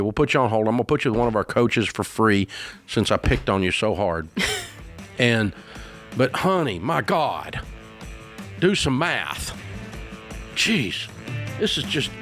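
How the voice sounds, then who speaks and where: A man hosting a call-in advice show, yelling at callers in a blunt, exasperated rant from a radio studio. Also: mid-range voice. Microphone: studio microphone.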